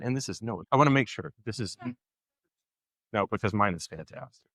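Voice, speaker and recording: A man's voice: mid-range voice, expressive, normal speed, fairly bright tone, no room sound. Playful male host working a crowd. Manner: playful, joking, upbeat. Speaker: podcast host. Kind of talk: emceeing a live audience. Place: conference session room.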